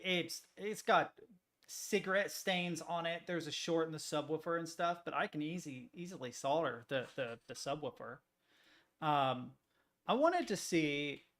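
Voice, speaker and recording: A man's voice: fairly high pitch, creaky, a bit bright. A man streaming, chatting casually in a rambling, self-interrupting way while he makes music on a computer, swearing now and then.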